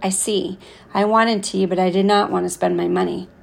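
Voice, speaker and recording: A woman's voice: mid-range voice, steady tone, normal speed, vocal fry. A woman voicing an earnest, curious young boy in a read storybook.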